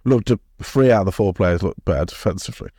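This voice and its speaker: A man's voice: low voice, lively intonation, quick pace, mellow, slightly rough, no echo, clean studio sound. A man co-hosting a football podcast, rambling and swearing, laughing often. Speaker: podcast co-host. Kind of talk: casual football chat.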